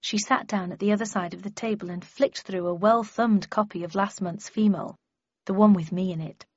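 A woman narrating a story in the first person in an even, wry manner. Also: medium pitch, a little fast, no room sound, highs cut off. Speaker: audiobook narrator.

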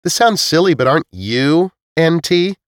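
A male narrator voicing an eager, quick-thinking young woman in a storybook reading. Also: a little high, animated, no room sound, clean studio sound, pitched above the performer's own voice, lightly acted. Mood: surprised.

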